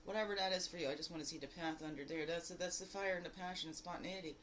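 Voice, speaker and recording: A woman giving a daily spiritual card reading in a lively, exclamatory way, full of rhetorical questions and repeated phrases. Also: racing, slight background noise, poor audio. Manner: animated, jumping between loud bursts and low asides. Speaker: spiritual guide.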